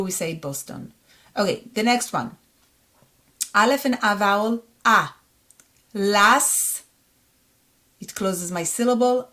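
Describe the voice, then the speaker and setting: A woman with an Israeli accent teaching a reading lesson, sounding out syllables slowly and repeating each word. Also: mid-range voice, fairly bright tone. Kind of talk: slow, patient reading lesson.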